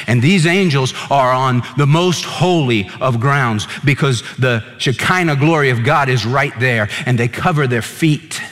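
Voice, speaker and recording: A man pastor delivering a sermon in an earnest preaching manner, slowing and dropping low to stress key words. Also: a bit bright, big-room sound.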